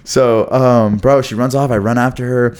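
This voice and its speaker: A young man from Houston tells a story in a podcast chat. He talks loosely and with energy, full of slang. His voice sits in a middle pitch. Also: normal speed, smooth. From Houston, Texas. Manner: slangy, animated, says "bro" constantly. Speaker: podcast co-host.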